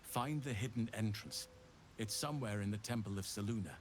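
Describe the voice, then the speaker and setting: Actor playing a measured, formal ally in a fantasy game, lowish voice, faint ambience behind. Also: male voice, slight background noise, close to an everyday voice. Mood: earnest.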